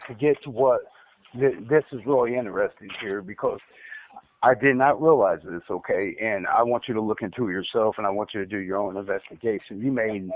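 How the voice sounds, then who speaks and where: A man's voice: fairly low pitch, slight background noise. A man with a stutter telling his story on a recorded phone call, rambling and repeating himself. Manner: rambling, repeats words, heated when recounting. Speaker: inmate telling his account. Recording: tinny prison phone line.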